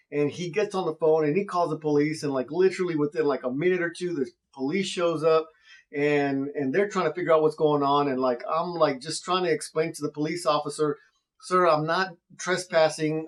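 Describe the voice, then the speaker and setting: A man with a slightly raised pitch tells a story from his real estate investing straight to the camera. He keeps it casual and animated, and he slips into the voices of the people he quotes. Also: brisk.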